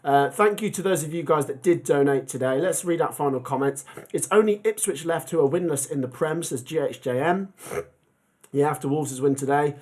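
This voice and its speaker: A young man chats loosely through a football fan livestream, reading comments aloud with frequent ums and restarts. His voice sits a little high for a man. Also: fairly quick, darkish tone. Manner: chatty, rambling, many ums. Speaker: football fan channel host.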